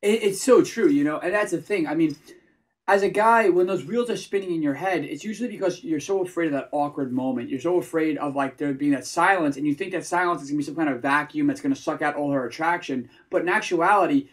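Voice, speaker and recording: A man who coaches students on dating, talking in an animated, casual way and acting out example lines in mock voices. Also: a little high, fast. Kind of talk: casual advice chat.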